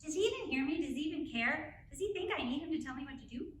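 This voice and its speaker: A middle-aged woman giving a live parenting talk to an audience, energetic, often checking in with "right?". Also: high voice, racing, a little hiss or hum. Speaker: parenting speaker. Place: school auditorium. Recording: echoey room, mic from a distance.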